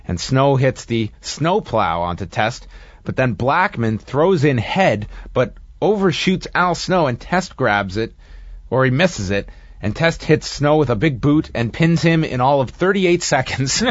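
A man's voice: medium pitch, no echo, highs cut off. A man co-hosting a podcast, giving a casual play-by-play recap of wrestling matches with dry, sardonic asides. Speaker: podcast co-host reviewing wrestling.

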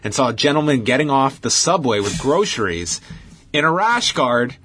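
A man's voice: medium pitch, very animated, moderate pace, bright, forceful tone, slight background noise. A man hosting a casual talk show, recapping an old fight in detail with frequent fillers.

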